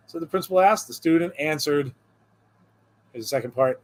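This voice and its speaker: A man's voice: on the high side, a little fast, darkish tone. A man co-hosting a wrestling podcast in casual chat, reading out viewer jokes with frequent chuckles and a loose, rambling delivery full of fillers. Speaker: podcast co-host.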